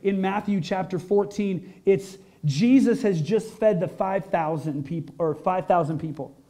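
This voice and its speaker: A man's voice: high voice, mellow. A male pastor preaching a conversational sermon to a congregation, full of rhetorical questions and emphatic peaks.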